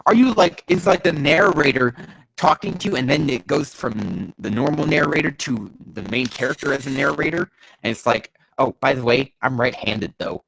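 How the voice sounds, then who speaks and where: In ranting comedic commentary, a man reads bad fanfiction aloud and shreds it with sarcastic, profane exasperation, sometimes erupting into yells. His mid-range voice is animated and creaky at a normal speed, stuffy from allergies, captured on a dry recording.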